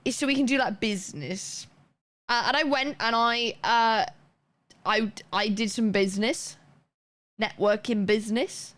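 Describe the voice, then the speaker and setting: A woman's voice: a little high, a little slow, fairly bright tone. A young woman livestreaming, chatting casually and rambling as she reads chat aloud and thanks viewers.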